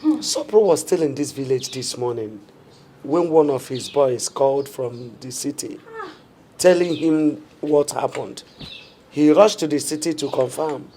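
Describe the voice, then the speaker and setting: Stubborn Nigerian mom, low voice, lively pitch. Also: female voice, unhurried, slight background noise. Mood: grave. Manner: reproachful, insistent. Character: reproachful middle-aged mother, compassionate, stubborn. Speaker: mother. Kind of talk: film acting.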